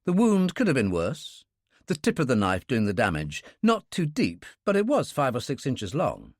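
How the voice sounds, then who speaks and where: A man narrating a thriller audiobook in a steady, expressive reading. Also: mid-range voice, normal speed, dry recording, studio quality. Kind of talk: scripted narration.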